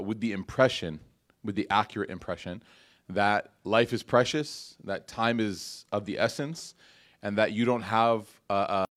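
A man giving a casual religious lecture to a live audience in a mosque hall, talking conversationally with many fillers and restarts. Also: lowish voice. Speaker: Islamic lecturer.

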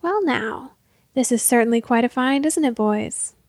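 A woman's voice: on the high side, measured pace, no echo, close to an everyday voice. A woman doing a sly, mocking lumber boss.

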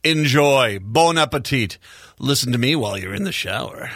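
A man's voice: mid-range voice, animated, normal speed, fairly bright tone, no echo, clean studio sound. A male radio talk show host from Minnesota, chatting casually with rambling repeats and sarcastic asides. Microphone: studio microphone.

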